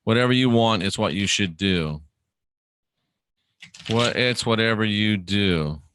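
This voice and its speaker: A man's voice: on the low side, measured pace, fairly bright tone, smooth, no echo. A man hosting a casual livestream, reading viewer questions aloud and answering them by name in a rambling, chatty way.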